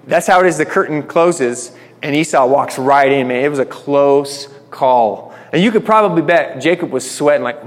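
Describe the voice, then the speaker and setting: Male Bible teacher, slightly high voice, casual slangy delivery, long hall reverb. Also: normal speed, few pauses. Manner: chatty, reads scripture then paraphrases in everyday slang.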